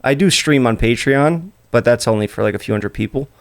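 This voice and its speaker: Podcast host guy, laid back and jokey, clean smooth voice. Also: mid-range voice, fairly quick. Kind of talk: casual podcast chat.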